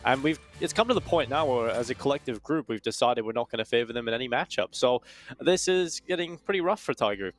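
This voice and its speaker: A man breaking down an esports team's form on a panel in a steady, matter-of-fact way. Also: mid-range voice, fast, soft background music. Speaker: esports analyst. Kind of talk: casual panel analysis.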